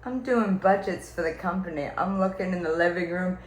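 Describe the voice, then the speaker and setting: A woman's voice: lowish voice, a little fast. A woman venting to her viewers in a comedic, rambling monologue, theatrical and full of swearing and filler words. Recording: echoey room with faint ambience.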